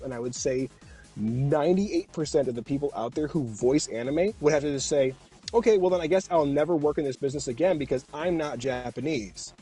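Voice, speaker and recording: Husky, mellow-voiced man arguing heatedly. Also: medium pitch. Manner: emphatic, impassioned. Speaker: voice actor guest. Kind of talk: heated podcast discussion.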